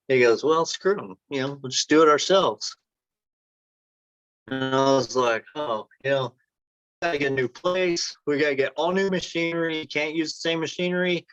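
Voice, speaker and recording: Male interview guest, anecdotal storyteller, everyday pitch, dry muffled recording. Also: fairly bright tone, dry recording. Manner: rambling anecdotes, acts out quoted dialogue. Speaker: entrepreneur guest. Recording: dry, dull lo-fi sound.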